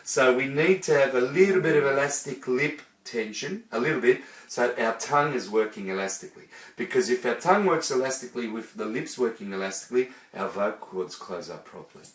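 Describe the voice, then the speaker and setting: A man's voice: mid-range voice, animated, a little fast, few pauses. A man teaching singing, demonstrating vowels and coaching a student. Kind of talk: vocal lesson. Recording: echoey room, voice from a distance.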